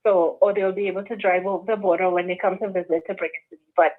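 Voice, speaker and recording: A woman from Canada calling in to a talk show, speaking haltingly as she searches for words. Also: fairly low pitch, fairly even intonation. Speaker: caller. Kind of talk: phone-in conversation. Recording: tinny phone line.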